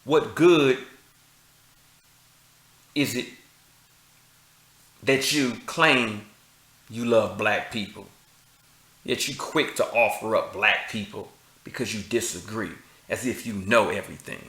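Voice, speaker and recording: A man's voice: on the low side, slow pace, long pauses, fairly bright tone, echoey room. A man, speaking preachy and confrontational, firing rhetorical questions and street slang. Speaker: commentator. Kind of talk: impassioned address to camera.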